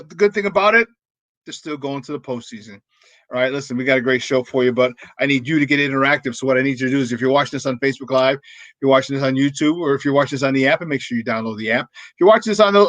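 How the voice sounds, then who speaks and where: A man's voice: a little high, fairly bright tone, dry recording, highs cut off. A man hosting a sports talk show, fired up and playful, throwing rhymes and banter. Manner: hyped, rhyming, playful banter. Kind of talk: energetic sports radio talk.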